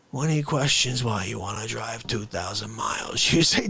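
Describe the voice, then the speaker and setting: A man doing a comedic rant, swinging between shouting and hushed whispers. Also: medium pitch, animated, normal speed, vocal fry, few pauses, slightly rough.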